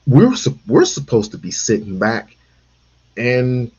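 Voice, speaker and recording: A man's voice: mid-range voice, huge pitch swings, slow pace, darkish tone, breathy edge, lo-fi sound. A man hosting a casual commentary stream, talking emphatically and repeating himself for stress. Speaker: stream host.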